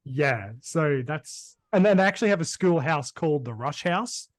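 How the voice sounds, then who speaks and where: A man's voice: a little high, animated, moderate pace, no room sound. A man with a Brisbane Australian accent, chatting casually on a podcast, rambling with lots of fillers. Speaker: podcast co-host. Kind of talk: casual chat.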